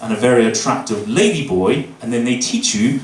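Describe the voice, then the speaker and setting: Brisk and mid-range, this Northern Irish comic in his thirties swears his way through animated stories during a stand-up set. The sound bounces around an echoey room, picked up by a mic set well back.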